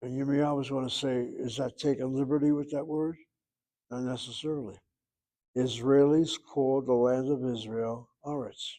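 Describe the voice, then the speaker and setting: A middle-aged man teaching Hebrew in a classroom lecture, thinking aloud and pausing to search for terms. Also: medium pitch, fairly even intonation, dark tone.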